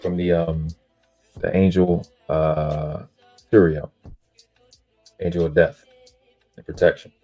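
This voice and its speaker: A man's voice: sits low, little pitch movement, slow, long pauses, dull audio, faint music behind. A man on a live stream lecturing about spiritual teachings in an emphatic, preachy way, swearing casually and boasting about himself. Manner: self-aggrandizing, spiritual teaching tone. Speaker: panel speaker on a live stream.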